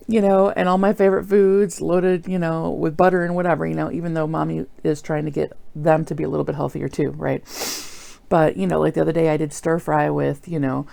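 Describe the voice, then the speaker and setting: A woman's voice: low-pitched, little pitch movement, fairly quick, gravelly, dark tone, no room sound. A middle-aged woman talking earnestly and apologetically in a rambling personal video diary, full of fillers. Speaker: vlogger.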